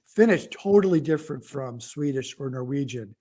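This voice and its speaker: A man's voice: medium pitch, animated, normal speed, dark tone. Rambling middle-aged man telling stories. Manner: rambling, self-interrupting storyteller. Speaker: author guest. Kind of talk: casual livestream chat.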